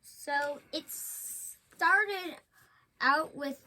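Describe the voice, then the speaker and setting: A woman co-hosts a casual racing chat and answers in short, hesitant bits. Her voice is high and bright. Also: extremely slow, poor audio. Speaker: podcast co-host.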